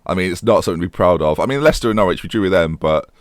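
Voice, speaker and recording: A man's voice: rapid-fire, dry recording, studio quality. Chatty lad commentating his football game. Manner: chatty, self-mocking, excitable during match highlights. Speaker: gaming YouTuber. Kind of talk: Football Manager let's play commentary.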